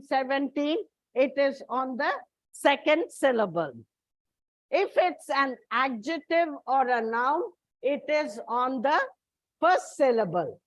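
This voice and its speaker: A woman's voice: high-pitched, no echo, highs cut off. A woman teacher with an Indian English accent giving an exam coaching lecture, explaining patiently and calling her students children.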